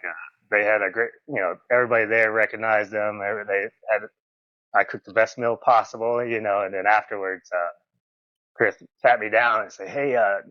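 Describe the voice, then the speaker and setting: A man, a podcast guest telling stories in a casual interview. He is animated, acts out quoted lines in a raised voice and laughs often. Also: on the low side, dry recording. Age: 40s. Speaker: podcast guest, former wrestler. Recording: dull, slightly muffled audio.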